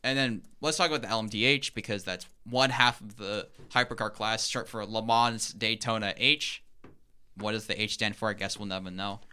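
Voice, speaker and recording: A man's voice: fairly low pitch, steady tone, normal speed, sharp tone, clean tone. A young man co-hosting a podcast, eagerly explaining in a casual, rambling way with lots of fillers. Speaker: podcast co-host.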